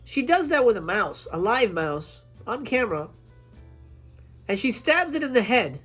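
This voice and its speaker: A woman's voice: fairly high pitch, measured pace, over loud music. A woman reviewing horror films in a casual, profane rant, acting out scenes in quoted voices. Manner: animated, swears a lot, acts out scenes in quoted voices. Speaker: film reviewer.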